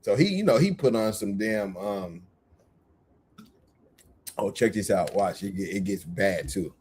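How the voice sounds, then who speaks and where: Man, lowish husky voice, casual animated storyteller. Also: unhurried. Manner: animated, laughs often, repeats phrases. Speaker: vlogger.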